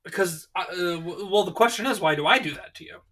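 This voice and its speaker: A man's voice: high voice, quick pace, sharp tone. A man hosting a casual livestream, easygoing and laughing often as he reads chat messages aloud. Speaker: streamer host reading chat.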